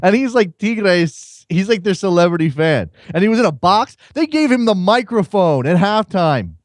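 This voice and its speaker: A man's voice: high-pitched, very animated, moderate pace, no room sound. A man hosting a soccer call-in show in a radio studio, chatting casually in a wry, rambling way and often repeating words. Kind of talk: casual chat.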